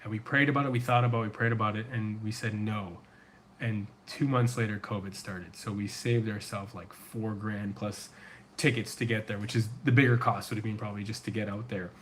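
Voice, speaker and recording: A man's voice: fairly low pitch, fairly even intonation, brisk, a bit bright, slight background noise. Middle-aged man, earnest livestream chat. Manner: earnest, loose and rambling with many fillers. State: sore throat. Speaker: men's coach and livestream host. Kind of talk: casual livestream chat answering viewer questions.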